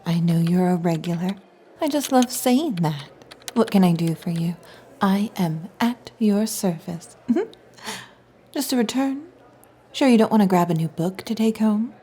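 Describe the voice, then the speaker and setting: A young woman voicing a protective, teasing kitsune librarian in a whispered role-play, chatty and playful with soft whispered asides. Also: mid-range voice, expressive, unhurried, natural voice. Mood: friendly. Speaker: ASMR roleplay performer.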